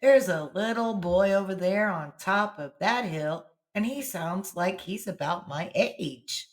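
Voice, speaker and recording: A woman voicing a lonely, quick-tempered little boy with a high, excitable voice. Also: natural voice. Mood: wondering. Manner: high, excitable, shouting boyish voice. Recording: roomy echo.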